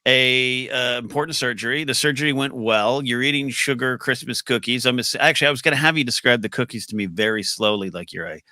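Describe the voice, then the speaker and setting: A man's voice: medium pitch, fairly quick, few pauses, bright, forceful tone, no echo, studio quality. A man hosting a podcast in casual chat, playful and teasing. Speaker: podcast host.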